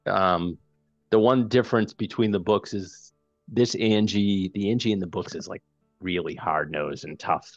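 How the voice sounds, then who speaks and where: Deep-voiced man rambling about a movie. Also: normal speed, dry recording, highs cut off, soft background music. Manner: rambling, many fillers and restarts. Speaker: podcast host. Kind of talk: casual movie chat and plot recap.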